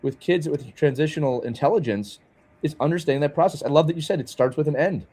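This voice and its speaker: A man's voice: a little high, fast talker, warm tone, husky. A man co-hosting a podcast interview, talking conversationally and chuckling between thoughts. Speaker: podcast co-host.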